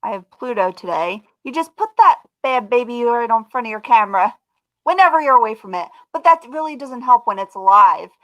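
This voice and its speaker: Middle-aged woman, webcast guest, animated casual storyteller, dry close sound. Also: fairly high pitch, a little fast, no room sound, dull audio. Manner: animated storyteller, lots of "like" and "dude". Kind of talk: casual chat on a live webcast.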